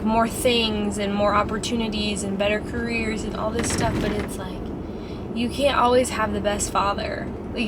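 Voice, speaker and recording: Slow-talking young woman in a chatty vlog. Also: on the high side. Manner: chatty, rambling, fills talk with "like"; earnest, heartfelt. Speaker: vlogger. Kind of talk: casual diary vlog. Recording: loud background noise.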